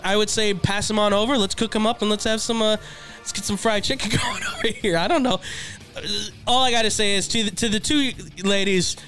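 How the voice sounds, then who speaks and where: A man co-hosting a casual sports podcast, rambling and animated, laughing often. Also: high voice. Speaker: podcast co-host.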